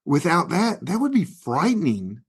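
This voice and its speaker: A man's voice: a little high, huge pitch swings, normal speed, slightly rough. A man hosting an interview, talking in a conversational way with hesitant fillers. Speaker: podcast host. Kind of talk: casual interview talk.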